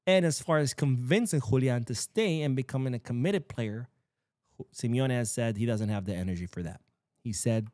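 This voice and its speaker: A man's voice: medium pitch, a little mellow, no echo, clean studio sound. A man hosting a solo football news show, talking casually and sarcastically, swearing and acting out quotes. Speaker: football podcast host.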